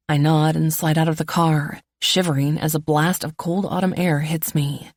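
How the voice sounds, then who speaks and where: A woman narrating a first-person romance audiobook in an even, low-key reading voice. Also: moderate pace, few pauses, no echo, clean studio sound.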